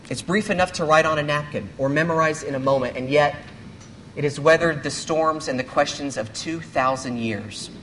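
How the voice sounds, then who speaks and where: A man serving as a pastor, giving a sermon to a church congregation in an earnest, measured way, often posing rhetorical questions. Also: medium pitch, fairly bright tone, a little hiss or hum.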